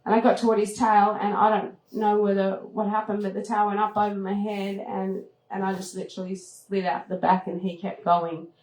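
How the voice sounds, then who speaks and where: Female travel host telling a story live, lively and laughing, medium pitch, echoey room. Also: brisk, hardly any pauses. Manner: lively, laughs often, acts out moments with high squeals. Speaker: travel TV host giving a talk. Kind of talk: animated storytelling to an audience. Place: event room at a retreat. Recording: roomy echoing hall.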